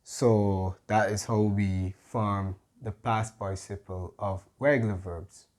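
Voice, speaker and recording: Slow, mellow-voiced male tutor. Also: on the low side, fairly even intonation. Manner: slow, patient, with frequent "mm-hmm" fillers. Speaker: Spanish tutor. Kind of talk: grammar lesson explanation.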